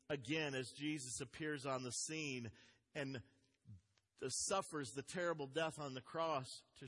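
A man's voice: a little high, a bit bright. A man preaching a sermon as a pastor, speaking earnestly and reading scripture aloud with emphasis. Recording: long hall reverb.

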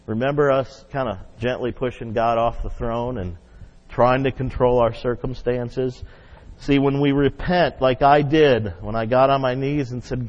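A man preaching a sermon, leading the congregation in call-and-response and rising loud on key points. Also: medium pitch. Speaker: pastor. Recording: muffled sound with long hall reverb.

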